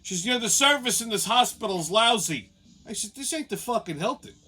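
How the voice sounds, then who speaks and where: Fairly quick and high, with a breathy edge, this host rants casually through a lengthy story full of profanity. He's animated and often slips into quoted voices, performing what others said.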